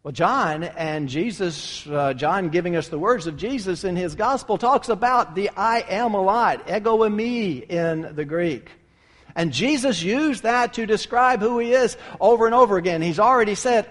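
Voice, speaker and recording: A man preaching a sermon, expressive and acting out the quoted lines with dramatic pauses. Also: sits high.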